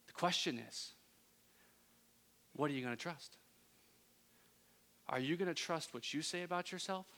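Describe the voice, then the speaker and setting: A man preaching a sermon, moving between hushed, intimate passages and loud, impassioned pleading. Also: a little high.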